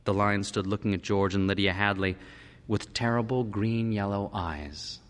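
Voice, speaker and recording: A man's voice: on the low side, fairly even intonation, normal speed, fairly bright tone. A man narrating a story aloud, lingering vividly over the descriptions. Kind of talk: dramatic story reading. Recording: reverberant hall.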